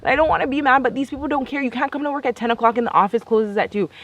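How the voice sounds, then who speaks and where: Fast-talking young woman vlogger. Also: high-pitched, background noise. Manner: chatty, exasperated, acts out both sides of conversations. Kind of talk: casual storytime vlog.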